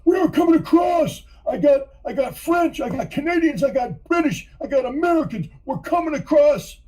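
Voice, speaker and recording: A man impersonating a blustering wartime general announcing an invasion, shouting in a mocking, much higher voice. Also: lively intonation, normal speed. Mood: bombastic. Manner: shouted, mocking, pitched far up.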